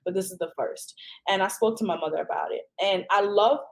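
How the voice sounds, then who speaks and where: A woman hosting a podcast in casual chat, an animated storyteller who keeps asking "right?" and jumps high in pitch when quoting people. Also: fairly quick, gravelly, poor audio. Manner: frequent "um" and "right?". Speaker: podcast host.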